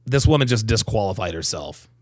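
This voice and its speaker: A man hosting a livestream, reacting to a clip with profane, animated commentary, repeating phrases and stretching words for emphasis. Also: lowish voice, brisk. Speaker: host reacting to a video clip.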